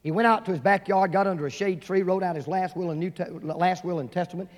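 A man with a notably high voice preaches from the pulpit, telling stories with lively acted-out voices. His words ring through a large church sanctuary, trailing a long echo. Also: quick pace. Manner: storytelling preacher who acts out quoted voices. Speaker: pastor. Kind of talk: sermon. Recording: long reverb of a large hall.

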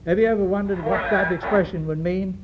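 A man preaching a sermon to his congregation, earnest and halting, with many fillers and restarts. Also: sits high, steady tone. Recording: dull lo-fi recording with faint hiss.

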